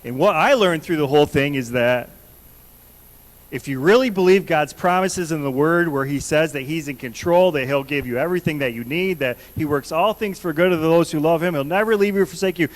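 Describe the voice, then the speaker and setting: Heard on a rough recording, this man preaches briskly in a church sanctuary with a voice on the high side. His sermon is conversational, and he keeps earnestly repeating questions to the people listening.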